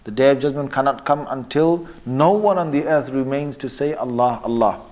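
A man teaching a religious lesson who quotes Arabic passages and then explains them in English, pausing often and correcting himself as he goes. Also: medium pitch, darkish tone. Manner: pauses often, with fillers and self-corrections. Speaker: Islamic teacher. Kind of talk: lecture on religious texts.

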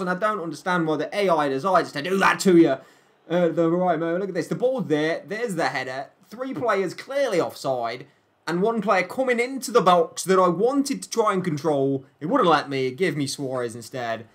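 A man's voice: a little high, animated, moderate pace, a bit bright. A young man playing a football video game, commentating on the match in a mock broadcast style with joking asides and bursts of frustration. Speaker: gaming YouTuber.

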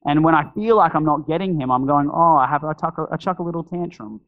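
A man's voice: a little high, fast, narrow, tinny audio. A man preaching a sermon in a church, earnest and pleading, voicing prayers to God along the way. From Australia.

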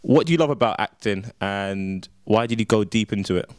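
Quick British interviewer, dry close sound. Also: male voice, lowish voice, animated, no echo. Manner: casual, filler-heavy questions. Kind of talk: casual interview questions.

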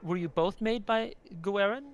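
A man playing a tabletop game, asking curious questions in a halting way. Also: high-pitched, clear, resonant tone. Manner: curious, halting, laughs easily. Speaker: player.

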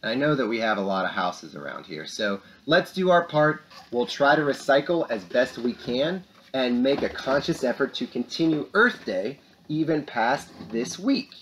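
A young man hosting a school morning show, talking to young students in an upbeat, animated way. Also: mid-range voice, moderate pace, hardly any pauses, slight background noise. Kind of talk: lively kids' morning announcements.

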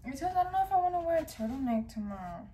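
A woman's voice: high voice, very animated, very fast, warm tone. A young woman chatting casually to camera in a home vlog, rambling on as a self-described yapper, recorded on her phone at home. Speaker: vlogger.

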